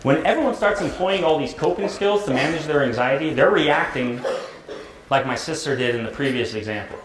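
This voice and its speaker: A man's voice: a little high, animated, fairly quick, a crowd in the background. Joking middle-aged man in a roomy hall. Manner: conversational, jokey, keeps asking "right?". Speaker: therapist giving a school talk. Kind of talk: presentation to high school students. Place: large echoey school hall. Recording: roomy hall with faint ambience.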